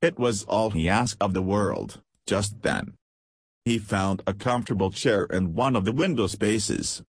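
A man calmly narrating a novel as an audiobook reader, close to the mic. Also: lowish voice, measured pace, husky, no room sound.

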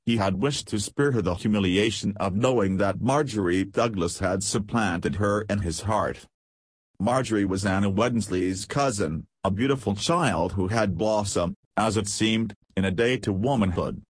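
A man narrating an audiobook in a steady, measured reading. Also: lowish voice, slightly rough, no echo.

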